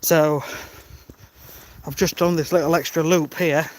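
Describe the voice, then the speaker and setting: A man in his thirties chats easily with his live-stream viewers, naming them as he walks a village road at dawn with his phone held in hand. His voice is fairly high, his tone steady, his pace unhurried.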